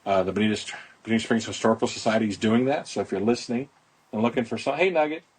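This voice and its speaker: Husky-voiced man chatting outdoors on a phone. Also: fairly low pitch, fast talker. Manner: rambling, folksy promotional chatter. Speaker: podcast host, boat club owner. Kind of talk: casual podcast chat.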